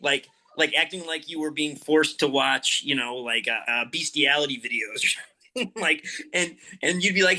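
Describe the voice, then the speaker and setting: Male guest, very bright sharp voice, loose and crude storyteller. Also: a little high, normal speed. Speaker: podcast guest. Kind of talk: casual interview chat.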